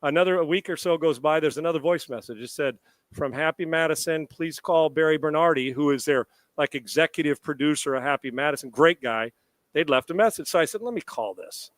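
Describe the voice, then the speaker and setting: A middle-aged man's fairly high voice moves a little fast as he relates a lively anecdote during a live sports talk show. Playing both sides of the dialogue, he swears freely throughout, recorded dry and close with no echo from the room.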